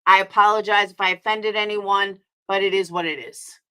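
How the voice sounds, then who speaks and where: A woman's voice: medium pitch, steady tone, moderate pace, bright, forceful tone, clear, resonant tone. A woman from New York with a New York accent, ranting angrily on a live stream and firing back at her chat with heavy profanity. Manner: heated, profane, confrontational, answering chat. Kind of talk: angry live-stream rant.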